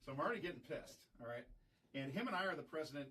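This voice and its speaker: A man telling a profane, animated story from his band days in a casual stream chat. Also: a little high, racing. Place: recording studio. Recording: voice picked up from a distance.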